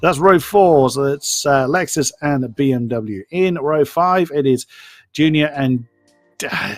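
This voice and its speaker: A man's voice: on the high side, expressive, a little slow, no room sound, clean studio sound, soft background music. A man giving live commentary on a sim race. He is chatty and self-deprecating and stumbles over driver names.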